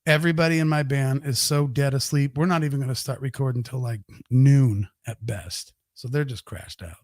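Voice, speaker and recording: A man hosting a podcast, telling an anecdote in a casual, animated and profane way, acting out the voices of the people in it. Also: mid-range voice, moderate pace, dry recording. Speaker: podcast host. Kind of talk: casual storytelling.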